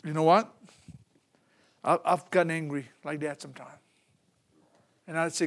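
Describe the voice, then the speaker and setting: Preacher man, middle-aged, high voice, folksy, animated storytelling. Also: normal speed. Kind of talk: sermon.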